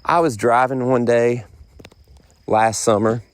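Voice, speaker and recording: A man's voice: medium pitch, steady tone, takes it slowly, dry recording. A middle-aged man, rambling through a casual podcast monologue in folksy phrasing. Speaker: podcast host.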